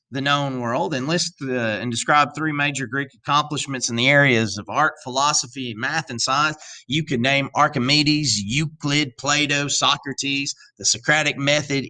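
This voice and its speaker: A male teacher giving a recorded video lecture, animated and jokey, with asides to his students and a stretch in an odd put-on accent. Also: medium pitch. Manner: drops into an odd accent for a while.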